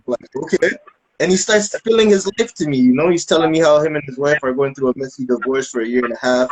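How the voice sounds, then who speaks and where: A man's voice: fairly high pitch, moderate pace, breathy edge, poor audio. A man co-hosting a podcast, telling a story loosely with many fillers and restarts. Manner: acts out voices with laughter. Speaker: podcast co-host. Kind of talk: casual storytelling.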